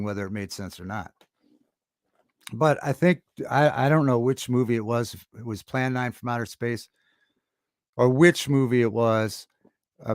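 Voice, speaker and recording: A man hosting a casual livestream talk show, chatting with viewers in a halting, rambling way with many fillers and restarts. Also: mid-range voice, dry recording, clean studio sound. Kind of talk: casual livestream chat reading viewer comments. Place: home studio.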